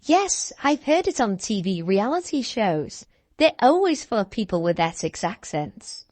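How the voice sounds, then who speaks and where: A woman's voice: medium pitch, sing-song, a little slow, a little mellow, no room sound. A woman playing a quiz contestant in playful, teasing banter. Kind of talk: casual banter.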